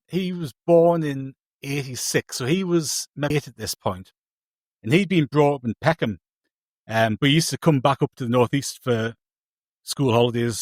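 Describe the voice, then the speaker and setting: A man's voice: mid-range voice, no room sound. A man, co-hosting a podcast in casual chat, telling stories with many restarts and self-interruptions. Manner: rambling, self-interrupting storyteller. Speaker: podcast co-host.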